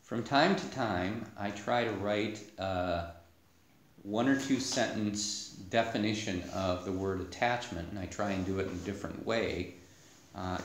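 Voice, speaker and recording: Low-voiced man giving a dharma talk. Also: slight background noise. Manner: unhurried, explanatory, with many "you know"s. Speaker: meditation teacher. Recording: echoey room.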